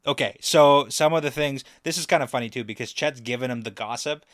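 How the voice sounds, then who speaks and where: A man co-hosts a podcast and keeps the chat loose and playful with easy laughs. His voice has an ordinary middle pitch. The sound is close and dry with no room echo. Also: a little fast, fairly bright tone. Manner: laughs often, playful teasing. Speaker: podcast co-host. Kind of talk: casual chat about a book chapter.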